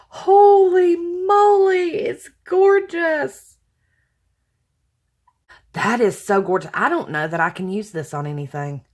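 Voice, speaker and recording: A woman chatting casually to viewers as she unboxes craft mail, gushing and exclaiming with thanks. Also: fairly low pitch. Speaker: craft vlogger opening mail.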